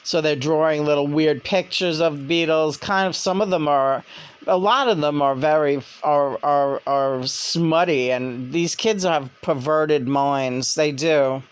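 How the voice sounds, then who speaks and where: Smooth-voiced rambling woman vlogger. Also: low-pitched, measured pace. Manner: rambling with many restarts. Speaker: vlogger and spirit medium. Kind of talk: casual monologue.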